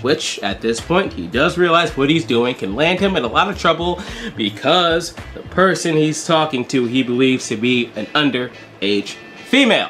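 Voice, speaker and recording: A man's voice: medium pitch, very animated, moderate pace, a bit bright, faint music behind. A man recounting an online chat, reading both sides of the messages aloud and adding sarcastic, swearing asides. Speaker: online predator-catching vlogger.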